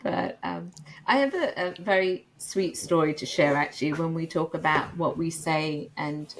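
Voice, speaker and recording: A woman's voice: sits low, moderate pace, creaky, slight background noise. A middle-aged woman telling a personal story in casual chat, laughing often and acting out the voices she quotes.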